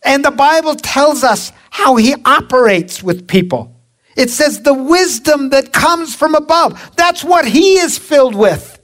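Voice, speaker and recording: A woman preaching a sermon, slow and emphatic, drawing out her phrases. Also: high-pitched, lively intonation.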